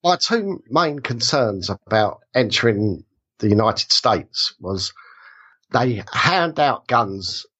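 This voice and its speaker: A man's voice: mid-range voice, big pitch swings, slow pace, pushed and bright, breathy edge, highs cut off. A man with an English accent, a podcast guest joking his way through a mock trial, self-deprecating and hesitant with restarts. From England. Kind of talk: casual mock-trial banter.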